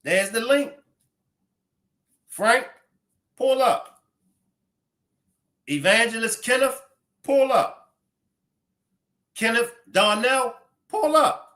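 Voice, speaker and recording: Male commentary host, scolding and profane, slow deliberate pace, very animated. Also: extremely high pitch. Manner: blunt and profane, scolding outbursts. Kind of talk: heated commentary.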